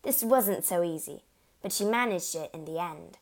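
A woman narrating a children's storybook in an expressive, animated reading. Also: on the low side, moderate pace. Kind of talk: audiobook storytelling.

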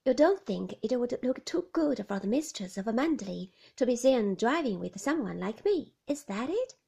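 A woman's voice: on the high side, big pitch swings, moderate pace, vocal fry, husky, heavily acted. A woman doing a cheeky, teasing man. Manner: teasing and loud. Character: cheeky, flirtatious man in sports car.

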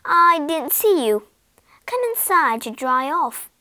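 A kindly, motherly giantess fusses over a small guest in a warm storybook voice, as a woman puts her on. She speaks slowly and brightly, with a lively rise and fall. The sound is dry and close. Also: high-pitched, no room sound, voice pushed up, full character voice. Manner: fussing, calling people dear.

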